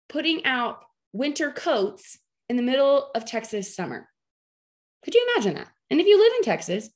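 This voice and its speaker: Woman, 30s, higher-pitched voice, chatty, jokey, emphatic, team trainer, video call. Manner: chatty, joking and emphatic, with many "okay?" check-ins. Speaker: team leader training her sales team.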